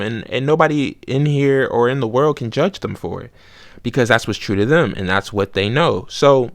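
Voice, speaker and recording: A man's voice: medium pitch, a bit bright, no room sound. Man in a dry casual podcast monologue. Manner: conversational, street slang, acts out both sides of arguments. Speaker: podcast host.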